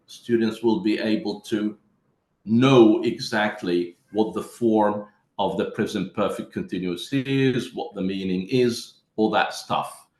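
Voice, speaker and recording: A man's voice: medium pitch, reverberant. A man giving a lesson to teachers, explaining step by step and calling his listeners "my friends". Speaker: teacher trainer.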